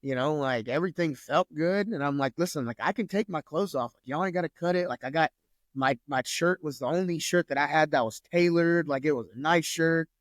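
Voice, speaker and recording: A man's voice: a little high, a little fast, dry recording, studio quality. Easygoing profane man in his thirties. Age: 30s. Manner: loose, profane, lots of "like". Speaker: podcast guest. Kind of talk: casual storytelling.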